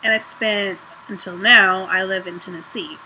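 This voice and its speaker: Bright-voiced young woman, northern US accent. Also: mid-range voice, steady tone, moderate pace, slight background noise, poor audio. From Ohio, northern United States. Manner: offhand, chatty, lots of "like" and "um". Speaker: vlogger. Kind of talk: casual chat.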